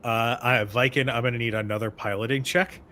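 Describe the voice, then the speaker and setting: A man's voice: mid-range voice, steady tone, a little fast, bright, forceful tone, slight background noise. A man running a tabletop game as game master, narrating scenes and making rulings for the players.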